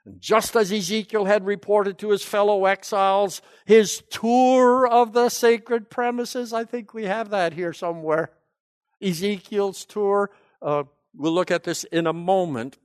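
High-voiced man giving an emphatic lecture. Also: fairly even intonation, unhurried, clean tone, no echo, studio quality. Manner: emphatic, asks rhetorical questions. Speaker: Bible lecturer. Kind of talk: teaching lecture.

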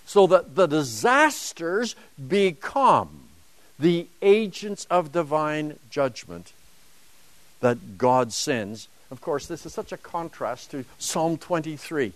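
A man's voice: on the high side, very animated, takes it slowly, no room sound. A man teaching a Bible lesson to a class, emphatic and dramatic, driving home points with rhetorical questions.

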